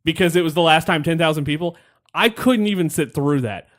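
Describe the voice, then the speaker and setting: A man's voice: on the high side, fairly quick, fairly bright tone. A man hosting a podcast, rambling through a wrestling match recap in casual chat, wry and laughing, with the odd swear. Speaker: podcast host.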